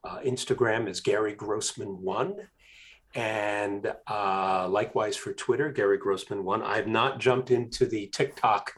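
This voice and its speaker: Man chatting with many pauses. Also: fairly low pitch, breathy edge. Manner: relaxed, hesitant with many fillers. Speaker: guest author. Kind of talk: casual video-call chat.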